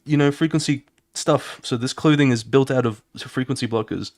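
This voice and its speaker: A man's voice: medium pitch, normal speed, no echo, clean studio sound, close to an everyday voice. A man voicing a panicked young man in a comic scene who swears and accuses in a raised, heated voice. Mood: accusing.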